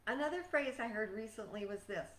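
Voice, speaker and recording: A woman life coach giving a scripted motivational talk in an earnest, measured, emphatic way. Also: fairly high pitch, expressive, fairly bright tone, slight background noise. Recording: echoey room, distant mic.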